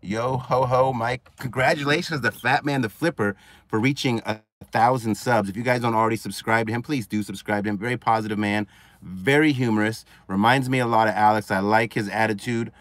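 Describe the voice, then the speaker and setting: A man's voice: lowish voice, brisk, a bit bright, dry recording. Upbeat man hosting a live stream outdoors. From California. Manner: upbeat, greets viewers by name one after another. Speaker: livestream host. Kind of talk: casual live stream chat reading viewer comments. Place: outdoors at a marina at sunset.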